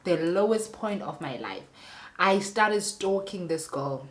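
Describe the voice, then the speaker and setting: A woman's voice: lowish voice, animated, slow pace. A young South African woman telling a personal story to her viewers in a casual vlog, emphatic and talking straight to them. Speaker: vlogger.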